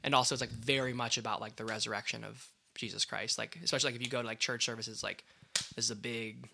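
Bright-voiced rambling American podcast guy. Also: mid-range voice, flat delivery, fast, vocal fry, a little hiss or hum. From United States. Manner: rambling, many "like" fillers, laughs often. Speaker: podcast co-host. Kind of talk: casual chat.

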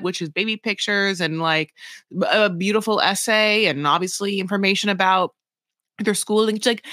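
A woman's voice: mid-range voice, expressive, unhurried, pushed and bright, no echo, studio quality. A woman co-hosting a podcast, recapping a reality show in a rambling, sarcastic chat full of "like" and "you know". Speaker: podcast co-host.

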